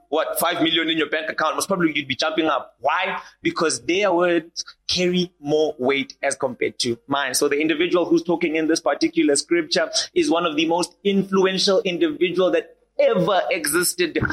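Animated young preacher. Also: male voice, a little high, rough recording. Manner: animated, repeats key lines, rises to shouts. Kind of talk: sermon to a small gathering.

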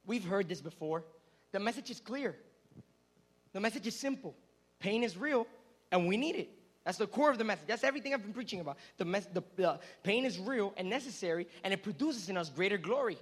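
Youth pastor guy preaching, high voice, super dramatic and repetitive. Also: brisk, breathy edge. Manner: dramatic, repetitive, animated storytelling. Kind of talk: sermon.

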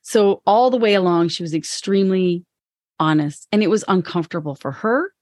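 Woman, podcast co-host, candid, reflective, lowish voice, dry close sound. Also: normal speed, darkish tone, no echo. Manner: candid, reflective, acts out her inner voice. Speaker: podcast co-host and business owner. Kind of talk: casual podcast conversation.

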